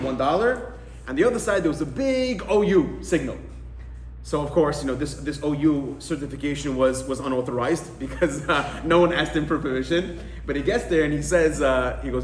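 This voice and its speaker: Animated male rabbi telling stories. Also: medium pitch. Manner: animated storyteller, acting out the people in his stories. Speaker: rabbi giving a talk. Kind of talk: storytelling talk. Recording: echoey room with faint noise.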